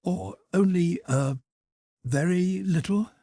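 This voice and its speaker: A man voicing an emotional young noblewoman, breathy and pleading, in an audiobook. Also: sits high, slow pace, no echo, clean studio sound, pitched above the performer's own voice, exaggerated voice. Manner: lifted, pleading, excitable delivery. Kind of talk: audiobook character voice.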